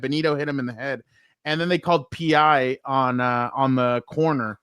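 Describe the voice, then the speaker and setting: A man hosting a casual sports talk show, telling animated stories full of fillers and acted-out quotes. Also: medium pitch, a little fast, smooth, no echo, studio quality. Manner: animated storyteller, many likes and fillers.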